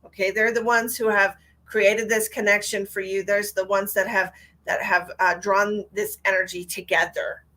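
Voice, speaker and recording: A woman's voice: mid-range voice, little pitch movement, normal speed, bright, forceful tone, rough recording. A woman working as a psychic medium, giving a live-streamed reading in a soothing voice and guiding her viewers through a short meditation.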